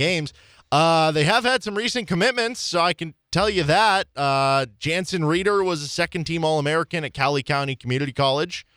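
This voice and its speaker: A man's voice: fairly high pitch, fairly bright tone, dry recording, clean studio sound. A young man hosting a sports talk radio show, telling stories in a chatty, self-deprecating way with frequent laughs. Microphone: studio microphone.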